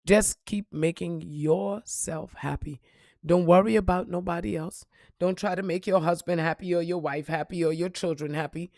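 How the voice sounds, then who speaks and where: A woman vlogger giving a casual motivational talk to her followers, blunt and profane, swinging from loud punchy bursts to soft reflective moments. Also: fairly low pitch, fairly even intonation, moderate pace, no room sound, clean studio sound. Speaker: spiritual reader and motivational vlogger.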